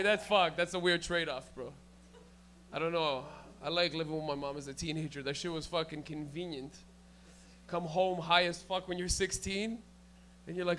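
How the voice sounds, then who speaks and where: A man's voice: fairly high pitch, fairly even intonation, moderate pace, sharp tone, slight background noise. A young man doing loose, profane stand-up in a club, riffing with the crowd and laughing at his own bits. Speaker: stand-up comedian. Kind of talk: live stand-up comedy. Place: comedy club with a live audience.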